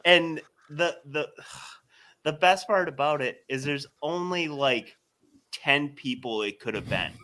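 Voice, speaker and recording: A young podcast co-host tells a story in casual, profane conversation, swearing freely and laughing more as the tale builds. He's an animated storyteller with a fairly high voice who takes his time.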